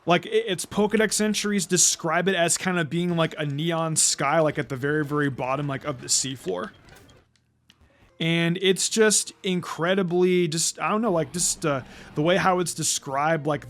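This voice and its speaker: A man's voice: fairly high pitch, steady tone, moderate pace, a bit bright. A young man giving casual let's-play commentary, rambling with many fillers and stumbling restarts. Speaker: gaming commentator.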